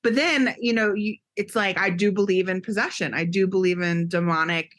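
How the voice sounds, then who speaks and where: A woman's voice: medium pitch, fairly even intonation, fairly quick, fairly bright tone. A woman co-hosting a podcast, giving her opinions in an emphatic, casual way. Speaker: podcast co-host.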